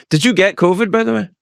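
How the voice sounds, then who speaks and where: A man's voice: high voice, vocal fry, no room sound, studio quality. A man hosting a podcast, joking and mock-serious in casual interview chat. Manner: joking, mock-serious, slips into quoted voices. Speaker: podcast host.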